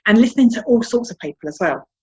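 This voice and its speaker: A woman's voice: a little high, expressive, fast, dull audio. Chatty South London woman, frank. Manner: chatty, frank, self-deprecating, repeats words. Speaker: guest. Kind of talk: candid interview chat.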